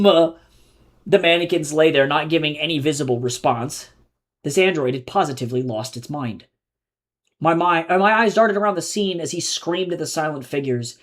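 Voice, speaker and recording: A man, the author, reading his own novel aloud live in measured, low-key narration.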